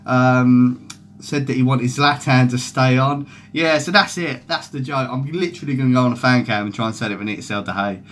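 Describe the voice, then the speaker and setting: In casual live-stream chat for football fans, a young man rambles, swears often, and reads viewer comments aloud. His mid-range voice is fairly bright and fairly quick, with a little hiss or hum.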